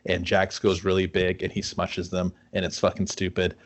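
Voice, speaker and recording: A man's voice: sits low, monotone, moderate pace. A man co-hosting a casual movie review podcast, swearing freely and acting out scenes in rambling chat. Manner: profane, rambling, acts out quotes. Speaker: podcast co-host.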